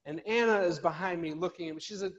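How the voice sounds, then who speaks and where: A middle-aged man telling a funny, animated personal story to an audience at an office event. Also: sits high, fast talker, muffled recording. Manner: animated, jokey, acts out quotes. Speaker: motivational speaker.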